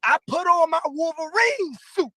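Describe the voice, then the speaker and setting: A man in an interview clip, telling a story in a halting, rambling way with many pauses and restarts. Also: extremely high pitch, lively intonation, sharp tone, no room sound, poor audio. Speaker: battle rapper in interview clip.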